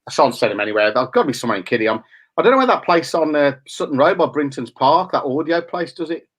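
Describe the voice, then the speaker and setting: A man's voice: on the high side, animated, quick pace, breathy edge. A middle-aged man, hosting a casual chat and joking around. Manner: teasing, jokey. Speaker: host.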